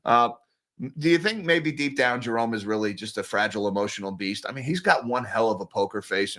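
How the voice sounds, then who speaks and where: A man's voice: fairly low pitch, fairly bright tone. A man hosting a casual livestream, talking bluntly and sarcastically with a sore throat, reading and answering viewer comments. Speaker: host.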